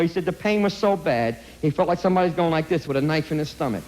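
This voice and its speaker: A man's voice: a little high, expressive, fast, a little mellow. A man with a slightly raised voice speaks to a hall of students in an emphatic anti-drug talk. He talks bluntly in streetwise words, repeats key points and keeps firing direct questions at his listeners. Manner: emphatic and repetitive, asks the audience direct questions.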